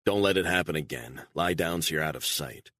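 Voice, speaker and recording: A cold, controlled operative voiced by a man in a spy audiobook, speaking in low, curt commands. The voice is deep and steady. The recording is dry and close. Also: brisk, no echo. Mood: stern.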